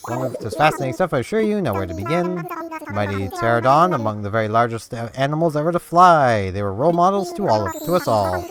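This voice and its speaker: A man voicing a fussy, scholarly male owl museum curator in a put-on Irish accent, high, fluttery and grandly formal. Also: sing-song, quick pace, natural voice. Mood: grandly informative. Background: game music.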